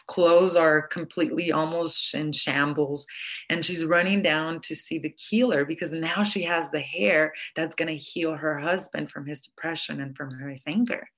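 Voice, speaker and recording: A woman with a low, grounded voice narrates a folk tale aloud. She speaks earnestly and reflectively, repeating phrases to stress the lesson. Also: fairly bright tone. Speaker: storyteller. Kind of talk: oral storytelling with a moral lesson.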